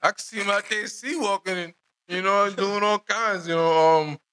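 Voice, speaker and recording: A man hosts a loose podcast chat, animated and full of street slang, laughing often as he riffs. His voice sits a little high and rings bright and sharp. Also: normal speed, slight background noise. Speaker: podcast host. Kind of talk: casual chat.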